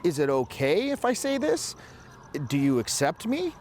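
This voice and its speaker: A man's voice: on the high side, big pitch swings, moderate pace, a little mellow, slight background noise, voice pushed up. A man imitating an insecure young man who seeks approval, every phrase lilting up like a question. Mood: pleading.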